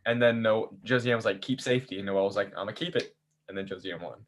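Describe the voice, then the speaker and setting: A man hosting a casual after-show chat, telling a season's story in an animated way and acting out players' lines. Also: lowish voice, fast, a little hiss or hum. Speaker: game host recapping a season.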